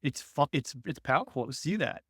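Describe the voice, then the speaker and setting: A man's voice: mid-range voice, lively intonation, brisk, bright, forceful tone, breathy edge, no room sound, studio quality. A man hosting a podcast interview, asking thoughtful questions in an affirming way. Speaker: podcast host.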